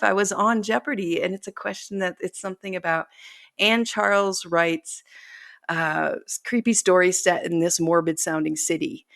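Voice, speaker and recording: A woman's voice: medium pitch, a bit bright, no echo, studio quality. A middle-aged woman author telling stories in a casual interview, chatty and self-deprecating, laughing often. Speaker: author guest.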